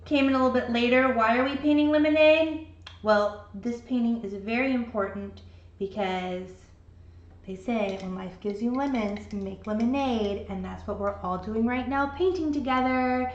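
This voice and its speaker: A woman's voice: on the high side, moderate pace. A woman in her forties, chatty and encouraging, giving a live painting lesson. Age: 40s. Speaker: art instructor. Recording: roomy, dull sound.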